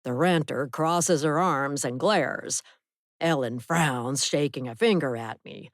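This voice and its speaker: Woman audiobook narrator, slow, low-pitched, measured, dry studio sound. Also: no echo. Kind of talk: scripted narration.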